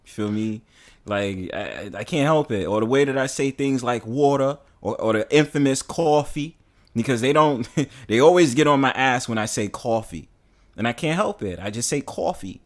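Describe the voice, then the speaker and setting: A man with a New York accent hosting a casual stream chat, talking in an animated, slangy way. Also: medium pitch, moderate pace.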